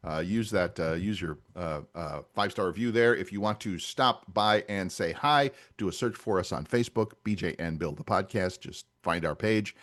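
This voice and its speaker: A man co-hosting a casual podcast, talking in a relaxed way with frequent fillers and restarts. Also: low voice, normal speed, few pauses. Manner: relaxed, hesitant with many fillers. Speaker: podcast co-host. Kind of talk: casual chat.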